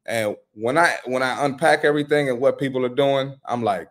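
A man's voice: mid-range voice, a little fast, few pauses. A man, a personal trainer, hosting a live reaction stream with blunt, profane, slangy commentary.

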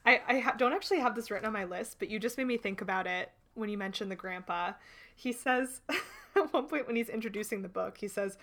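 A woman's voice: mid-range voice, fairly quick, fairly bright tone. Giggly woman co-host. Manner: giggly, easily amused. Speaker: podcast co-host. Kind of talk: casual chat.

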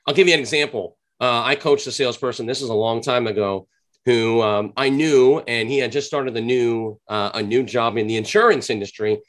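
A man in a relaxed interview, talking earnestly and explaining his points step by step. His pitch sits in an ordinary middle range, and he slows down to lean on the words that matter. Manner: earnest, explanatory, drawn-out emphasis on key points. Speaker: podcast guest, sales trainer. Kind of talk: conversational interview answer.

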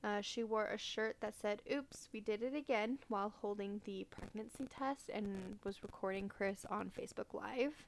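A woman's voice: medium pitch, normal speed, few pauses, a little hiss or hum. A young woman co-hosting a podcast, retelling a true crime case in a casual chatty way, with lots of fillers. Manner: chatty storytelling with many fillers and quoted asides. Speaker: podcast co-host.

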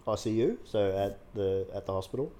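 Low-voiced man speaking frankly. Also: expressive, brisk, dark tone, slight background noise. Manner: frank and unguarded, heavy swearing, many fillers and restarts. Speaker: guest sharing his recovery story. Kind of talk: candid conversational interview.

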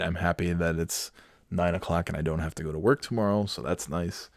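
Deep-voiced man, crude sarcastic podcaster. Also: no room sound, studio quality. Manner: sarcastic, crude and rambling, mock-sincere. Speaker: podcast host. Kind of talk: casual solo podcast outro. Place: at home on a Sunday night.

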